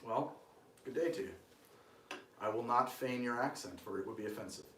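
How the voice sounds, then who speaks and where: A man's voice: medium pitch, moderate pace, a bit bright, distant mic, slight background noise. Rambling, joking man in a roomy space. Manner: rambling, self-deprecating, joking asides. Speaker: cocktail show host. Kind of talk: casual live-stream chat while making a drink.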